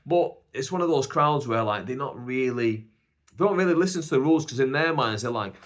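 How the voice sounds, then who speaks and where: Male podcast host, Manchester accent, animated storyteller who voices everyone in the anecdote; mid-pitched. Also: a little fast. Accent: Northern English, Greater Manchester. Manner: animated, acts out both sides of dialogue. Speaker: podcast host and stand-up comedian. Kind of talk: casual storytelling.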